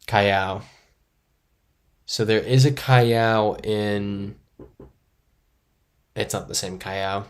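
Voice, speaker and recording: On a live stream of a geography guessing game, a man thinks out loud, reads chat, talks with viewers and jokes at his own expense. His voice sits fairly low and stays level, moving slowly with frequent pauses.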